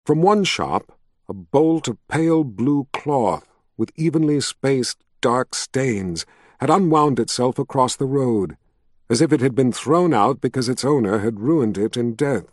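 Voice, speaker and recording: A man reads a fantasy novel aloud in a steady, measured storytelling voice. His pitch sits in the middle range, neither deep nor high. The recording is dry and close, with no room echo. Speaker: audiobook narrator. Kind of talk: scripted narration.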